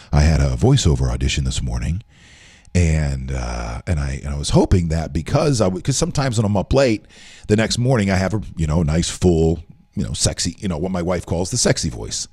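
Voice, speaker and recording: In a low, darkish voice, a middle-aged man chats loosely with viewers while hosting a casual live stream. A late night has left him sounding weak and tired.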